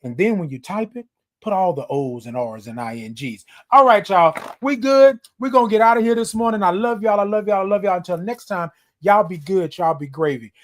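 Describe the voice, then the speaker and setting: A man with a high-pitched voice hosts a live morning stream over social media. His delivery is affectionate and repetitive, with a preacherly rhythm as he speaks straight to his viewers. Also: lively intonation, fairly quick. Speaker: host of a live morning show. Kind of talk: casual livestream talk.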